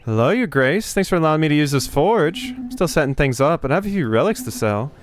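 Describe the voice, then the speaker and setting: A man's voice: fairly high pitch, big pitch swings, fast talker, pitched above the performer's own voice. A man doing a Southern belle blacksmith. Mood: welcoming. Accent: put-on Southern US. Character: friendly female blacksmith with a drawl.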